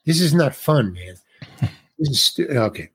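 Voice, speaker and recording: Speaking with a husky, fairly bright mid-range voice full of big pitch swings, a middle-aged actor tells a film-set story as a guest at a measured pace. It's a conversational anecdote, and he acts out the others' lines along the way.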